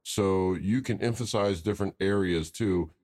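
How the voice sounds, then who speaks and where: Man, low voice, casual chat, earnest, emphatic. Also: moderate pace, a little mellow. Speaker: podcast co-host.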